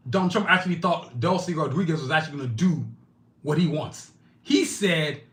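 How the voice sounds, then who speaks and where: A man from Nigeria delivering a heated opinion monologue, indignant and forceful, swearing freely and firing off rhetorical questions. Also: high voice. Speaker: political commentator.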